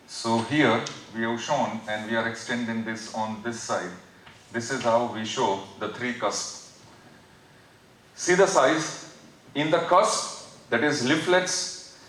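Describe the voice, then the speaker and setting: A man with an Indian English accent giving an anatomy lecture, explaining slowly and repeating terms as he draws. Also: mid-range voice, fairly bright tone. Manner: slow, repetitive explaining while drawing. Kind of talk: recorded medical lecture. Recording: roomy, distant mic.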